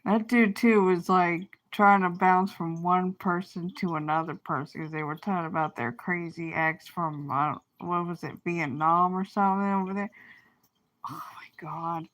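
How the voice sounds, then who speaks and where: A lowish-voiced woman delivers an angry, cursing rant on a livestream, drifting off and beginning her points anew. Her intonation is fairly even, her pace measured, and her tone fairly bright.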